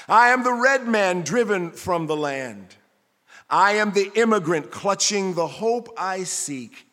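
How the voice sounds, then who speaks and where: A man voicing a weary, downtrodden man who answers in a low, hushed, somber tone. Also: long reverb tail.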